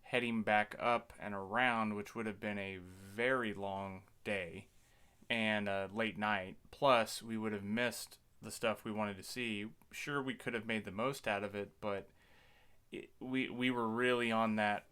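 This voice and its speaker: A man in his thirties co-hosting a family podcast, talking in a steady, matter-of-fact way and adding practical details. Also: on the low side, unhurried, smooth. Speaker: podcast co-host. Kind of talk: casual chat.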